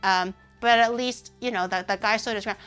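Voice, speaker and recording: A woman streaming and chatting casually with her audience, rambling with lots of "like" and sounding animated and indignant. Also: mid-range voice, moderate pace, smooth, soft background music.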